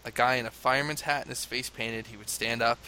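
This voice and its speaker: An animated man from the United States tells a story with a bright, forceful voice. He laughs often and mimics crowd chants. A faint hiss sits under the recording. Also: mid-range voice, fast. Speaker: father telling a story. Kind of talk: casual conversation, anecdote.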